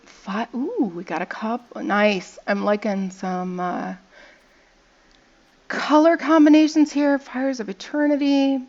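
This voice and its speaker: A woman's voice: medium pitch, expressive, slow pace, hardly any pauses, a little mellow, muffled recording. A young woman casually commenting as she opens card packs, reading card text aloud and joking about the artwork. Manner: chatty and playful, reads card text aloud and jokes about the art. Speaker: gaming video host.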